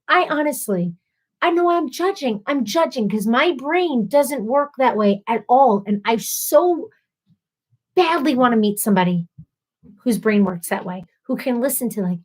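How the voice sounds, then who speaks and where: A woman in her thirties hosting a casual live stream, ranting in an animated, exasperated way and acting out quoted voices. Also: sits high.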